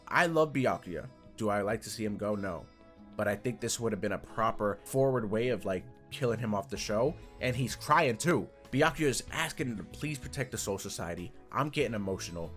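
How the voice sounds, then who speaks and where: A young man casually reviewing an anime, talking in animated bursts that jump loud and excited. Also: medium pitch.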